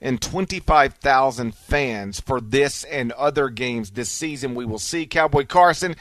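A man hosting a sports talk radio show, animated and teasing, running through the rundown and arguing playfully. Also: mid-range voice, unhurried, dry recording. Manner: animated, teasing, mock-outraged.

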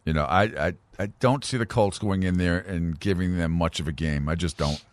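A man's voice: deep voice, normal speed, no echo. A man co-hosting a sports talk show, opinionated and emphatic.

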